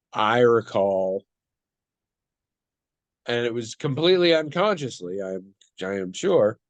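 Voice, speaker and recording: A man co-hosting a podcast, talking through a question in a thoughtful, measured way. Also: on the low side, no room sound, muffled recording. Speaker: podcast co-host. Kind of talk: casual discussion.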